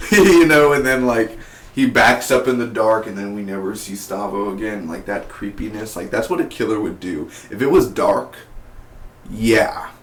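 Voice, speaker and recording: A young man chatting through a casual spoken TV review in a rambling, excitable way. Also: lowish voice, unhurried. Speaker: TV show reviewer. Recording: echoey room.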